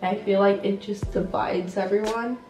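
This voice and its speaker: A shy teenage girl co-hosting a casual sit-down chat, soft-spoken and hesitant, full of fillers. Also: medium pitch, steady tone, normal speed. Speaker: channel co-host. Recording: roomy sound, mic at a distance, faint music.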